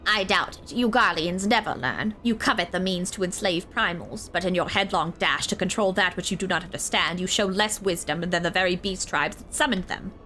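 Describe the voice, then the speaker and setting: A woman's voice: lowish voice, fairly quick, hardly any pauses, bright, forceful tone, soft background music, voice pushed down. A woman voicing a stern, scornful female mage in a fantasy game, delivering a scolding lecture.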